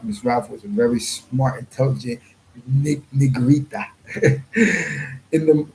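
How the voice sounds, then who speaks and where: A man hosting his own channel, reading viewer comments in a rambling, blunt way and clearing his throat often. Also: mid-range voice, a little mellow, low-quality recording. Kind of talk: casual livestream commentary.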